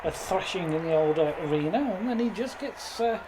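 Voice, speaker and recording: Halting role-play player, noisy room. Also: mid-range voice, animated. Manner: halting, filler-heavy in-character speech.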